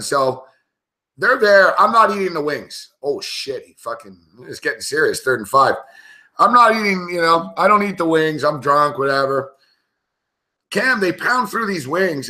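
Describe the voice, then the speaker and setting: A man talks through live betting commentary in a loose, rambling way, swearing freely and breaking into laughs as he tells a story. His voice sits a little high and comes across bright and forceful. He jumps between the story and quick calls on the game. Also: lively intonation. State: tipsy, recounting a night of drinking. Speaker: sports betting show host.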